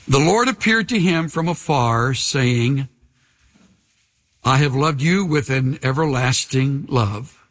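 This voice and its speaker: An older man preaching a sermon in an earnest way, slowing down and dropping to a hush on key lines. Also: mid-range voice, expressive. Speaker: pastor. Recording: long reverb of a large hall.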